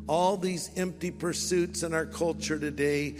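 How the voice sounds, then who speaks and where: A man with a high-pitched voice preaching a sermon in a large hall with a long reverb tail. He is animated and playfully mocking, and he slips into mimicking voices as he quotes people. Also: unhurried, music in the background. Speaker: pastor.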